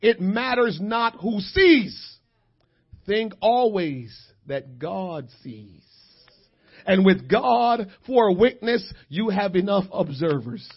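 A man preaching a sermon. He swings from hushed asides to impassioned shouting. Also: high voice, lively intonation, slow pace, husky. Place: church. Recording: dull lo-fi church recording.

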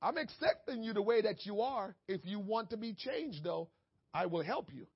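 Pastor, male, very high voice; sermon delivery that swings from hushed to shouting, muffled lo-fi sound. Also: animated, moderate pace, slightly rough. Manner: preaching with big swings from soft asides to shouting.

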